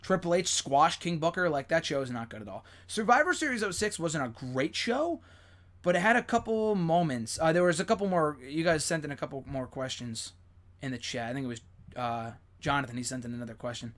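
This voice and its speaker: A young man hosting a live stream, chatting casually and rambling, with plenty of fillers and excited swearing. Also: fairly high pitch, fairly quick. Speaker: host.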